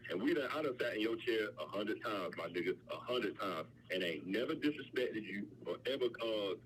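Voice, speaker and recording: A man's voice: on the low side, lively intonation, fairly quick, a little hiss or hum, poor audio. A man co-hosting a podcast, arguing defensively and repeating his points. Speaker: podcast co-host. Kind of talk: heated argument.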